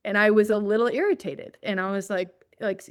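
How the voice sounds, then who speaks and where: A woman's voice: medium pitch, fairly even intonation, a little fast, no echo, studio quality. A woman guest on an interview show, telling a personal story in a casual way, often laughing and acting out her own thoughts. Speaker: guest, journalist.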